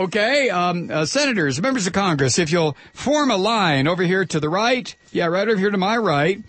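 A man's voice: fairly high pitch, gravelly, slightly rough, exaggerated voice. A man voicing a smug, greedy oil company executive who talks down to his listeners with sneering condescension.

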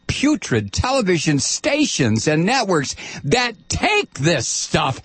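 A man's voice: high voice, huge pitch swings, takes it slowly, few pauses, fairly bright tone, slightly rough, dry recording. A middle-aged man hosting a political commentary rant, angry and sarcastic, stammering repeats when heated. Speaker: commentary show host.

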